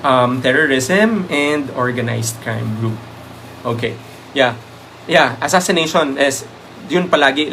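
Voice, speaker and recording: A review lecturer with a Filipino accent runs a live exam review, moving between English and Tagalog, using lots of "um" fillers and thanking viewers by name. His voice is medium-pitched and fairly bright, with slight background noise.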